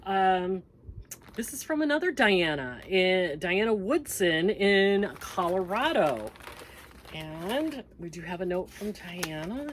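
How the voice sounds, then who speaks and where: A woman's voice: on the low side, sing-song, takes it slowly, a little hiss or hum. A Canadian-born woman hosting a crochet vlog, chatting in a gushing, upbeat way as she opens packages. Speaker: crochet channel host. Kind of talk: casual vlog chat.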